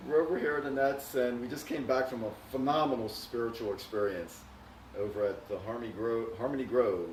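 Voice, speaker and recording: A man's voice: mid-range voice, steady tone, fairly quick, far from the mic. A man, co-host of a video, chatting casually and easily to the camera. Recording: echoey room, mic set back, faint noise.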